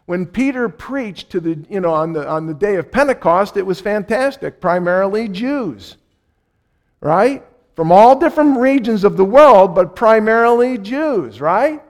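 A man with a high voice preaches a sermon. He repeats key phrases to drive them home and slips into dramatic voices for the people he quotes. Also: lively intonation, unhurried, a little mellow.

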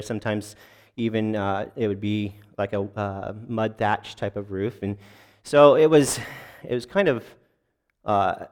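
A man preaching a sermon to a congregation in a conversational, halting way, with many restarts, asides and small jokes at his own expense. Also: fairly low pitch. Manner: self-deprecating jokes to the congregation. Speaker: pastor.

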